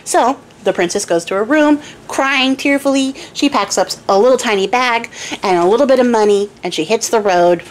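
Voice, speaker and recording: A woman's voice: on the high side, moderate pace, poor audio. A young woman host casually retelling a fairy tale with jokey asides and lots of fillers, on a close home mic. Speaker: storyteller and craft channel host.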